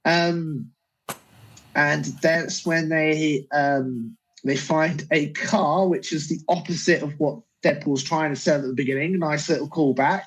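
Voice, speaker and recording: Husky-voiced podcast co-host recapping. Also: mid-range voice, a little slow, low-quality recording. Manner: steady plot recap with small self-corrections. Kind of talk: casual movie review chat.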